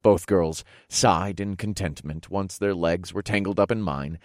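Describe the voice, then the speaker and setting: A man narrating a first-person audiobook story in a slow, deliberate way. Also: low voice, no echo, clean studio sound.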